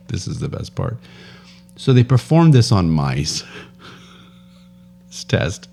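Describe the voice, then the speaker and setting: A man's voice: low-pitched, darkish tone, a little hiss or hum. A man co-hosting a podcast, rambling through news stories in casual banter and laughing often. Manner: rambling, laughs often, trails off mid-sentence. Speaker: podcast co-host.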